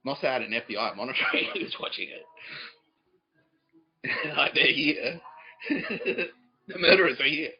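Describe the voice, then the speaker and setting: A man's voice: mid-range voice, animated, unhurried, long pauses, slightly rough, dull audio, soft background music. A man hosting a comedy podcast, rambling through a comic monologue, often laughing at his own stories and swearing freely.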